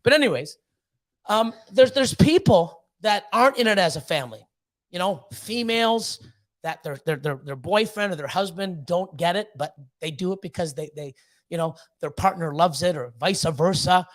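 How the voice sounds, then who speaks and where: A middle-aged man hosting a livestream, talking in an excitable, profane rush and jumping into high squealing bits. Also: normal speed. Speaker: livestream host. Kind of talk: casual livestream chat.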